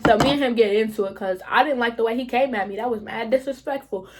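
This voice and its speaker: A young woman vlogger telling a story in a casual, slangy, animated way, swearing freely. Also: a little high, fast talker, noisy background.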